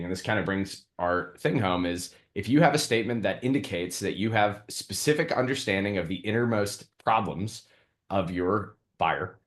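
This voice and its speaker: A man co-hosting a casual business show, telling stories in a laid-back way and swearing now and then. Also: on the low side. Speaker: co-host.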